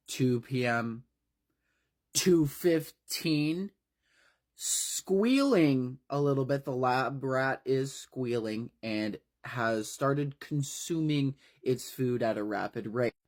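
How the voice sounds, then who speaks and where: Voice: medium pitch, fairly even intonation, takes it slowly, darkish tone. A narrator casually retelling a horror novel part by part, talking in a wry, conversational way with frequent fillers.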